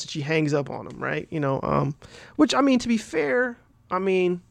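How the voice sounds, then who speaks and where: A man with a fairly high voice talks through a film plot like a podcast host, rambling and swearing freely. He stacks up fillers and keeps checking in with "right?". The sound is dry and close, with no room around it. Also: big pitch swings, normal speed, gravelly, no echo. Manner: rambling, profane, heavy fillers and "right?" tags. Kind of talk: casual film recap.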